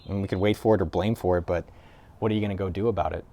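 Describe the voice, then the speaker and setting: Host, male, slightly low voice, telling a raw personal story in a casual, rambling way. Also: fairly even intonation, racing, mellow. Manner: loose and conversational, with frequent "like" fillers and casual swearing. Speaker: entrepreneur video host. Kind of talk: candid personal storytelling to camera.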